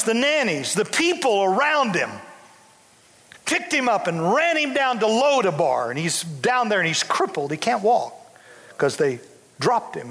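A man's voice: sits high, a bit bright. A man preaching a sermon as a bishop, fervent and emphatic, repeating phrases for force. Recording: long hall reverb.

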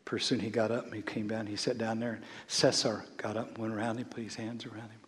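A man preaching a sermon as a bishop, swinging between loud calls and hushed storytelling. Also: on the low side, level tone, quick pace. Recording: long hall reverb.

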